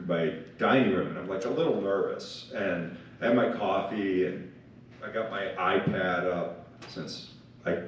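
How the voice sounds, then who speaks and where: A man's voice: low-pitched, unhurried. A man, a company founder, telling a chatty anecdote on a panel, full of fillers. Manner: chatty, self-described blabbermouth, many fillers. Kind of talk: casual anecdote on stage. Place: large event hall. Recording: echoey hall, mic far off, faint noise.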